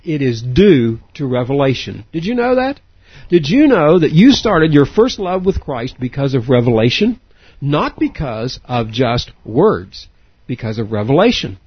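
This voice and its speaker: A man preaching a sermon in an animated way, rising in pitch to stress his points. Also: slightly rough, no room sound, lo-fi sound. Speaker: pastor.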